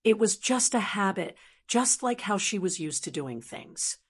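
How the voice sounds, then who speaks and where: A woman's voice: medium pitch, animated, unhurried, husky. Woman reading an audiobook steadily. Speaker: narrator. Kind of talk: scripted audiobook narration.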